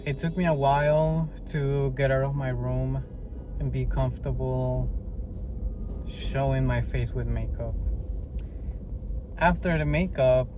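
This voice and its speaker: A man telling a heartfelt personal story in a vlog, hesitant, with many fillers and restarts. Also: mid-range voice. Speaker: vlogger. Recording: noisy background with traffic.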